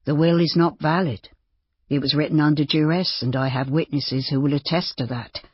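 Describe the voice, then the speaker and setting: An audiobook narrator voicing a confident gentleman heir who speaks with easy, cool firmness. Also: medium pitch, fairly even intonation, normal speed, slightly rough, dry recording, close to an everyday voice. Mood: firm. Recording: dull lo-fi dry.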